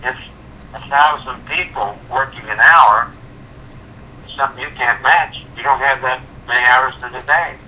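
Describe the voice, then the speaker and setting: A man's voice: mid-range voice, moderate pace. A man leading a sales team, giving a folksy motivational talk with homespun stories. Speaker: network marketing leader. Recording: dull lo-fi recording with faint hiss.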